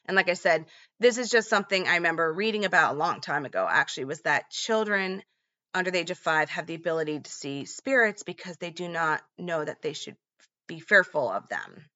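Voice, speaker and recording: A woman's voice: lowish voice, lively intonation, brisk, sharp tone, lo-fi sound. A woman casually retelling a movie's plot in a chatty vlog, with lots of fillers. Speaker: movie recap vlogger.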